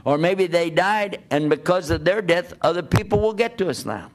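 A man giving a religious talk to an audience, lively and questioning, often acting out the voices of the people he quotes. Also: high-pitched, normal speed, a little hiss or hum. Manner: animated, plays out quoted voices and asks rhetorical questions. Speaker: Islamic preacher.

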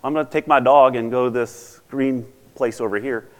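A man's voice: mid-range voice, steady tone, moderate pace, pitched below the performer's own voice, lightly acted. A man voicing a lost young girl who is puzzled and chatty, in an echoing hall. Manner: incredulous, chatty. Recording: reverberant conference hall.

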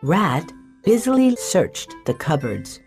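A woman reading a children's storybook aloud in a slow, clear way for learners. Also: on the low side, big pitch swings, darkish tone, faint music behind. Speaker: narrator. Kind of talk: scripted storybook narration.

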